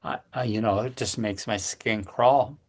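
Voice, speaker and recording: A middle-aged man, a podcast co-host, telling a personal story in casual chat, earnest and halting with frequent restarts. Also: lowish voice, fairly even intonation.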